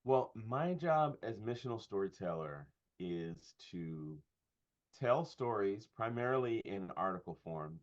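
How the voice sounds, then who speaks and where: A man with a lowish voice talks through ideas in a relaxed interview, circling back with frequent fillers and restarts. The recording sounds dull and lo-fi. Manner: thoughtful, halting with fillers and restarts. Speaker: pastor and comedian. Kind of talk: conversational interview.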